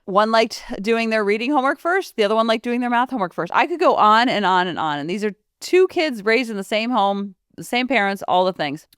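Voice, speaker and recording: Chatty woman podcast host, lively swoopy pitch, smooth voice, dry close sound. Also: a little fast, few pauses, no room sound. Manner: animated, chatty, jumps between asides. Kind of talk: casual chatty monologue.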